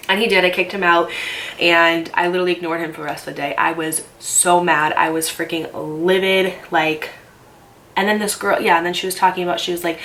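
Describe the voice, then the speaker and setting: A young woman with a somewhat low voice tells a dramatic personal story for her vlog. She talks in an animated, emphatic way and swears freely. A faint hiss sits under her voice. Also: brisk. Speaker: YouTuber telling a personal story.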